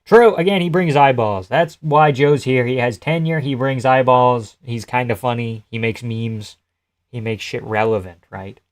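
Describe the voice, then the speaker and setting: A man's voice: medium pitch, normal speed. Male streamer, mid-range voice, rambling offhand chat with viewers, swears now and then. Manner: loose, rambling, profane, answers chat messages. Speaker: live streamer. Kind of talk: casual live-stream chat reacting to a fight card.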